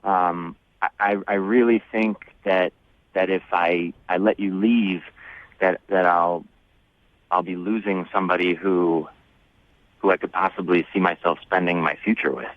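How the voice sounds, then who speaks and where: Nervous guy stumbling over his words, lowish voice, muffled phone sound. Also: fairly even intonation, dry recording. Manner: halting, stammering, earnest. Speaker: caller. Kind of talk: nervous on-air phone call.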